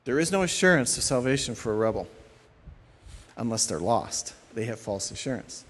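A middle-aged male pastor preaching a sermon in an animated way, acting out the voices of the people he describes. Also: mid-range voice, normal speed, slightly rough, in a large hall.

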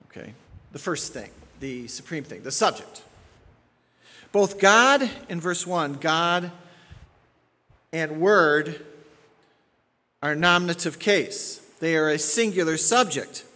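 A man's voice: a little high, expressive, slow, pauses often, bright, forceful tone, big-room sound. A man preaching an expository sermon as pastor, emphatic, repeating key phrases and checking in with his listeners.

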